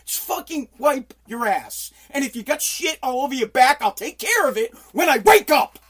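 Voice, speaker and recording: A man's voice: very high-pitched, big pitch swings, moderate pace, few pauses, fairly bright tone, slightly rough. Middle-aged guy ranting on a stream from his basement, swearing, begging and exasperated. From United States. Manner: profane, exasperated pleading. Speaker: livestream host. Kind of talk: casual livestream rant. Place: hot home basement.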